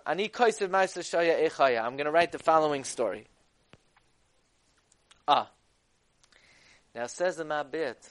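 A man giving a text-study lecture. He reads Hebrew sources and explains them in English, growing loud and emphatic at key points. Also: fairly high pitch. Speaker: Torah lecturer.

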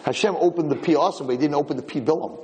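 A man teaching a Torah lesson in an excitable, repetitive way, restarting his sentences often. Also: fairly high pitch, racing, big-room sound, a little hiss or hum, low-quality recording.

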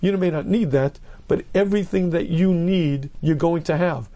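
A man, a rabbi, giving an earnest Torah lecture, stressing points by repetition and clearing his throat often. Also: a little high, normal speed, warm tone. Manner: earnest, emphatic, repeats key phrases.

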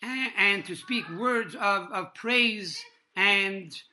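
A man teaching a Torah class in a sermon style, telling stories at a measured pace with pauses, fillers and Hebrew religious terms. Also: sits high, sharp tone.

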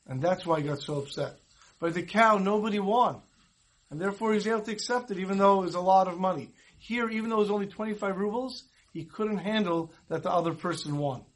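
A man gives a relaxed, storytelling Torah class in a fairly high voice. He talks conversationally and drops Hebrew and Yiddish terms in as he goes. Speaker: rabbi teaching a Torah class. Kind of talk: storytelling sermon.

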